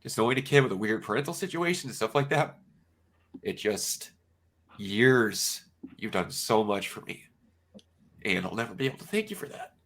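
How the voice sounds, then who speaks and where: A man on a podcast recounts a memory in loose, conversational chat. His voice has a bright, forward edge, and he tells it with emotional, animated energy. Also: fairly low pitch, moderate pace, long pauses. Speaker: podcast co-host. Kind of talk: casual chat.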